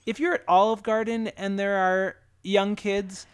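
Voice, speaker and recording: A man in his thirties co-hosting a casual chat, animated and emphatic, his pitch swinging up sharply. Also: unhurried, clear, resonant tone. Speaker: podcast co-host.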